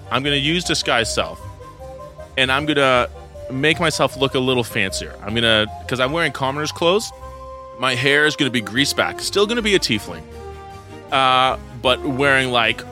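Brief: male tabletop player, bright tone, steady action calls, light music behind. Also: mid-range voice. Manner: steady, plainly stating actions. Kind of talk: tabletop role-play.

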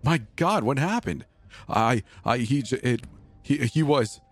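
A man voicing a frantic, grieving young wife who pleads and sobs in a high, strained voice. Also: wildly swooping pitch, measured pace, breathy edge, exaggerated voice. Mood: panicked. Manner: pleading, sobbing, high-pitched.

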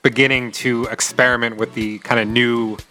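Man, co-host, bright tense voice, measured and analytical, faint music in the background. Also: mid-range voice, flat delivery. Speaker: podcast co-host. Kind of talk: casual music podcast chat.

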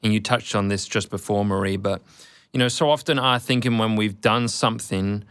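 A man hosting a faith conversation, calm and affirming, with frequent fillers as he talks. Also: lowish voice, brisk, clean tone, no echo.

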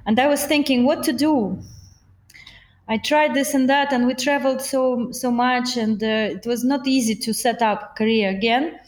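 A woman's voice: fairly high pitch, normal speed. Woman in an echoey room. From Russia. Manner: reflective, hesitant, with many fillers and restarts. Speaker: guest. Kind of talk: conversational interview.

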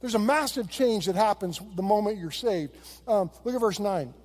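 Middle-aged male pastor, high and mellow voice, chatty storytelling sermon, hall reverb. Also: lively intonation, moderate pace. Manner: conversational storytelling preaching. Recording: long reverb of a large hall.

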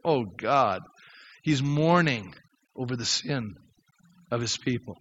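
A man's voice: on the high side, a bit bright, in a large hall, highs cut off. A male pastor preaching a sermon that builds into an impassioned prayer.

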